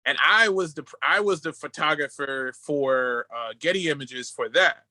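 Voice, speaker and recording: Bright-voiced man telling excited stories. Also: moderate pace, no echo. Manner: excited storytelling, quoting others in a lowered voice. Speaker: podcast co-host. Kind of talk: casual podcast chat over a video call. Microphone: video call.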